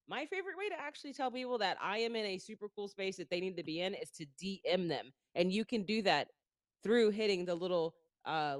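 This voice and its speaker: A woman's voice: fairly low pitch, no echo, studio quality. A woman co-hosting a casual live chat, congested from a sinus cold, chatty and explaining things step by step. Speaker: co-host.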